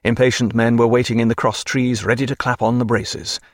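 A man reading a naval novel aloud as an audiobook narrator, measured and steady. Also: medium pitch, no room sound, studio quality. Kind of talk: scripted narration.

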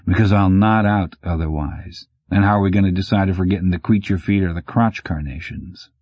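A man's voice: sits low, a little fast, no echo, dull audio. A man voicing a laid-back former cop who talks plainly and laconically in a storybook reading. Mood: laconic.

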